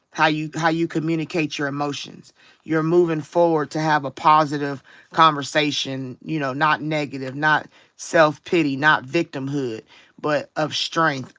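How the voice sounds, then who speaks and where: A woman on a live stream giving a spiritual card reading, her voice bright and forward. She talks reflectively, stretching out the words she wants to stress and often checking in with her listeners. The sound is close and dry, with no room around it. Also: sits low, dry recording. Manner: reflective, drawn-out emphasis, frequent "you know what I'm saying". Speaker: tarot card reader.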